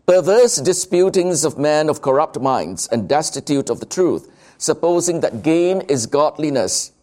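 A man preaching a sermon, slow and emphatic, drawing out key words. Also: on the high side, lively intonation, darkish tone.

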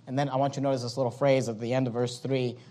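A man preaching a sermon, reading King James scripture aloud and acting out the complaints of the people in animated voices. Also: medium pitch, rapid-fire. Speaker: pastor.

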